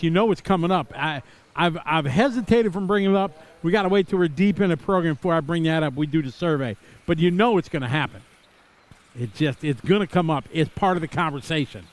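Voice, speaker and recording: A middle-aged man from Wisconsin calls a live race in a somewhat high-pitched voice. He drifts into chatty, nostalgic asides between the position updates, then snaps back to the running order. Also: moderate pace. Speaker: race commentator.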